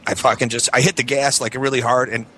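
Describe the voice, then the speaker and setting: This man, a regular on the show, tells a profane story in casual chat, animated and acting out quotes in a raised voice. His voice is mid-range and fast, and the rough recording carries a little hiss or hum.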